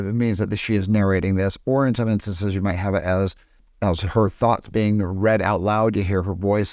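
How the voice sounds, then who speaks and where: A man teaches film production in a relaxed tutorial, talking over his screen. His voice sits a little low and sounds dry and close, with no room around it. He halts often and restarts his sentences as he explains. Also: no echo. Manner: hesitant, with frequent restarts. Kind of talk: casual screen-recorded tutorial.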